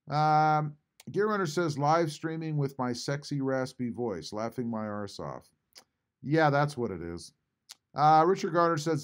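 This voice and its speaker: Man, live-stream host, reading chat aloud, casual, halting with uh pauses, mid-pitched voice. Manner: reads chat messages aloud and answers them, with many "uh" pauses. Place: home, at a computer.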